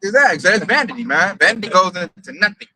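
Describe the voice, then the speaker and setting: A man's voice: high-pitched, big pitch swings, fast talker, bright, forceful tone, low-quality recording. A man preaching in a casual, emphatic and profane way, mocking his targets as he talks.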